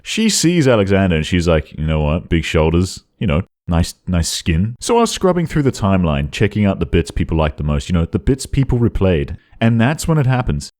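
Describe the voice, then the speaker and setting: Lively, sarcastic young man commentator. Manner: sarcastic, breaks into high yelling outbursts. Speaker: YouTube commentator. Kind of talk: comedic video commentary.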